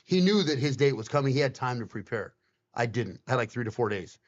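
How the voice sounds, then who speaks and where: A man recounting his past in an easy, casual way, dropping curse words and playing the other people in his story. His voice sits at an everyday pitch. The recording sounds a little muffled and lo-fi. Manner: swearing, quick and animated retelling. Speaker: guest on a podcast. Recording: slightly dull, lo-fi sound.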